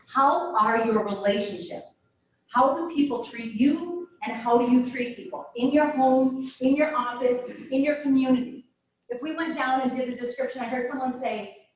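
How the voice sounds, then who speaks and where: A woman's voice: high voice, moderate pace, slight background noise. A middle-aged woman giving a motivational talk, asking her audience question after question. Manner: asks the audience many questions. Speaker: speaker. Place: room with a live audience. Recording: roomy echo from far off.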